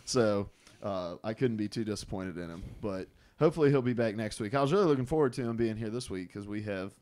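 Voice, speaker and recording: A man's voice: on the low side, lively intonation, quick pace, a little mellow. A young man hosting a casual gaming podcast, joking and teasing his co-hosts as he tells stories. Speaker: podcast host.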